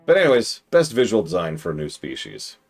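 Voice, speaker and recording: A young male streamer with a deep voice that swings widely as he talks. He gives enthusiastic, opinionated game commentary full of rambling asides. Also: wildly swooping pitch, brisk, gravelly, faint music behind. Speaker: streamer host.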